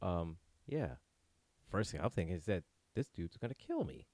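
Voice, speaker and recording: A low, mellow male voice talks loosely through a livestream chat. His delivery is lively, jumping around in pitch as he acts out bits. The sound is dry and close. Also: moderate pace, dry recording. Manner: animated, acts out characters with exaggerated shouted voices. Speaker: podcast host. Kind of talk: casual livestream chat recapping a TV episode.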